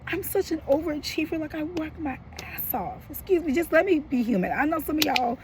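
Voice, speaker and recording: A woman's voice: high voice, expressive, brisk, noisy background. A woman in her thirties talking frankly to her viewers in a personal vlog, emotional and slangy, with a frustrated edge. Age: 30s. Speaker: vlogger.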